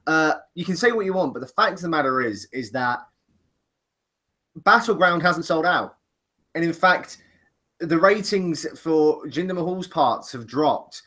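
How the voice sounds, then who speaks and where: A man's voice: fairly high pitch, lively intonation, unhurried, bright, forceful tone. A man co-hosting a casual chat, opinionated and joking, often restarting his sentences. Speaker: podcast co-host.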